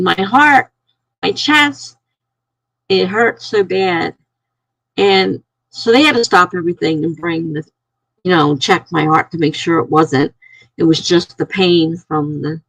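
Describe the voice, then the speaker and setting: Gravelly middle-aged woman telling a story. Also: sits low, no echo, poor audio. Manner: rambling, halting, full of restarts and "I'm like". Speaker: live streamer. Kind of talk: casual personal storytelling.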